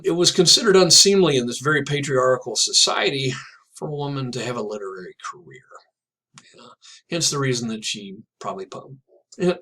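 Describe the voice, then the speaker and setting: Husky-voiced man lecturing on poetry. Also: mid-range voice, sharp tone, rough recording. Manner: chatty, digressive, tells jokes and reads poems aloud slowly. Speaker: literature teacher. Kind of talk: classroom lecture with poetry reading.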